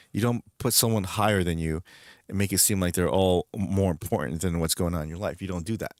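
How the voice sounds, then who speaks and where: A man's voice: on the low side, dry recording, clean studio sound. A man hosting a gaming stream, rambling casually and making his points emphatically, with frequent repeats. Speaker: streamer host.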